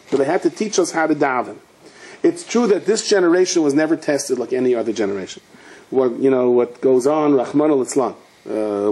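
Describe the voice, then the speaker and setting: A man's voice: on the high side, dark tone, slightly rough. A man, a rabbi, giving a sermon in a storytelling way, asking questions and mixing in Hebrew and Yiddish words.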